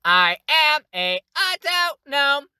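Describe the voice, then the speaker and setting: High chirpy little robot gnome, slow clipped singsong notes, dry close sound. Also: male voice, sing-song, sharp tone, dry recording, heavily acted. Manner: clipped words in a melodic up-down singsong.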